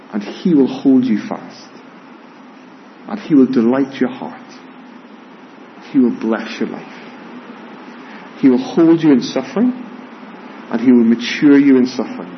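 A man's voice: mid-range voice, a little hiss or hum. Man, pastor, earnest sermon, repeats words at phrase starts, lo-fi muffled sound. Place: church, with rain heard outside.

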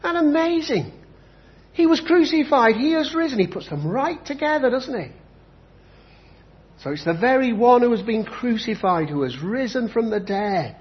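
A man preaching a sermon with emphatic delivery, repeating key phrases slowly for effect. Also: on the high side. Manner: emphatic, with slow dramatic repetitions. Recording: dull lo-fi recording.

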